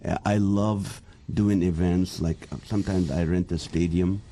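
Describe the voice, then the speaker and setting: A man from the Middle East, a native Arabic speaker, chatting as a guest comedian, animated and joking. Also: low voice, a little slow, a little hiss or hum. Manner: animated, joking, laughs often. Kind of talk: casual chat.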